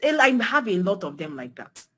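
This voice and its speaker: A young Nigerian woman with a Nigerian accent gives a passionate motivational talk to beginner designers, emphatic and repeating phrases, her pitch and loudness swinging widely. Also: big pitch swings, normal speed, breathy edge. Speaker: design mentor speaking to beginners.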